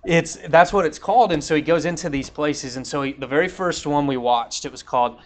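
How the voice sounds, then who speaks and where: A man's voice: fairly high pitch, fairly quick. A man giving a sermon at church in a loose, conversational way, full of fillers and restarts. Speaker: pastor. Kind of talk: casual sermon. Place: church hall.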